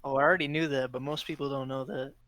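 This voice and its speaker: Smooth-voiced young man, close and dry. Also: mid-range voice, steady tone, fast, fairly bright tone, dry recording. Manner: joking, blunt slang. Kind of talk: casual chat while gaming.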